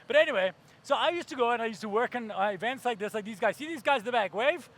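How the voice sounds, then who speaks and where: A man's voice: very high-pitched, lively intonation, fast, a bit bright. A man giving a keynote talk on stage, brash and profane, acting out voices for comic effect. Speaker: keynote speaker.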